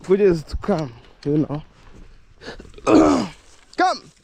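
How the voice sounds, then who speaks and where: A man's voice: high-pitched, sing-song, slow, creaky, darkish tone, slight background noise. A man chatting casually to his viewers outdoors on a rural farm, laughing often and apologizing as he herds cows. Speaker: village life vlogger. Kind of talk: casual vlog talk to viewers.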